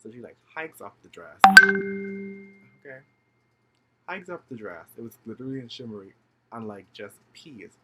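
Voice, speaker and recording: With heavy background noise behind him, the young vlogger tells his story at a moderate pace, pausing often, in a mid-range voice. He swears freely, uses lots of slang and fillers, and animatedly acts out the people he quotes.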